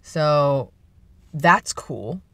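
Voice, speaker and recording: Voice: mid-range voice, animated, drawn-out words, pushed and bright, no room sound. A vlogger chatting casually and playfully from inside a parked car, rambling and laughing at their own jokes. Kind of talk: casual chat.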